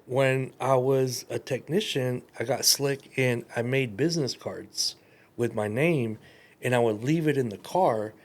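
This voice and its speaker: A man's voice: mid-range voice, unhurried. A man chatting as a podcast guest and brand coach, telling stories, acting out quoted dialogue and laughing often. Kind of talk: casual chat.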